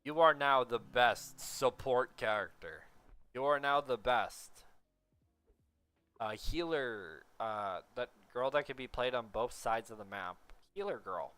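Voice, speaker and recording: A man's voice: medium pitch, expressive, measured pace, fairly bright tone, smooth. A man talking in a casual, rambling monologue, often tagging his points with a rhetorical "right?" and sometimes swearing.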